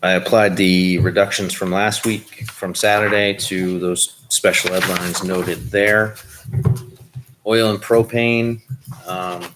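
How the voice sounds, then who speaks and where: A low-pitched man speaks in a flat, even tone as he reports budget items at a public meeting. He talks in a plain, businesslike way, with frequent ums and uhs. A faint hiss sits under the meeting-room mic. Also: slow pace. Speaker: school district official.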